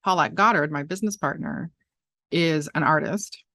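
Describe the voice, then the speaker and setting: Woman host, low voice, chatty and rambling, dry close sound. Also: normal speed, pushed and bright, dry recording. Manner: chatty, rambling with frequent restarts and fillers. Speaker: podcast host. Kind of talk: casual chat.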